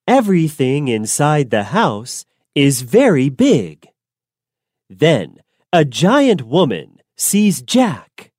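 A woman narrating a simple storybook in a clear, deliberate way for learners. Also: low voice, big pitch swings, a little mellow, dry recording, clean studio sound.

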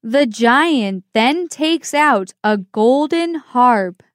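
A woman narrating a simple storybook in a clear, deliberate way for learners. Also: sits high, expressive, no echo, studio quality.

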